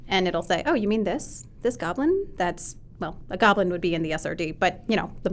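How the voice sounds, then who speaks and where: A woman chatting as a guest on a talk show, bubbly and quick to laugh. Her voice sits in a middle range and leaps upward when she gets excited. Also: medium pitch. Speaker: guest, community manager. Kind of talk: casual chat.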